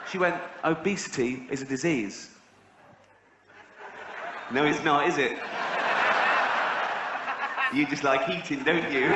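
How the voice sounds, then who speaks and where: On stage at a large theatre, a middle-aged Englishman does stand-up, recounting stories deadpan before breaking into shrieking impressions of others. The recording has the roomy sound of the hall, with audience noise and laughter.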